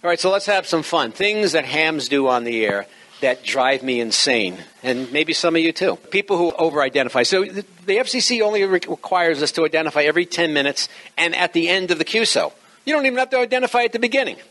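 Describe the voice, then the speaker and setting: A man's voice: a little high, fast talker. Joking, emphatic middle-aged man lecturing. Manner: jokey, emphatic, lively asides. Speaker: presenter teaching radio operating practice. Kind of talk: informal lecture to an audience.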